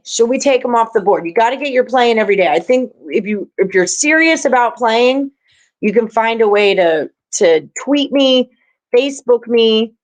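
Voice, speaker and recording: A woman's voice: fairly high pitch, low-quality recording. A woman hosting a live sports-betting stream, chatting loosely with viewers and co-hosts. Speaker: sports betting show host. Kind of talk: casual live-stream chat.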